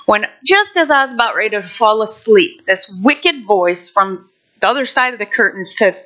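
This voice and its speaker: Bright-voiced woman pastor preaching. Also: medium pitch, lively intonation, normal speed, lo-fi sound. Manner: fervent preaching with prayer and acted-out voices. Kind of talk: sermon.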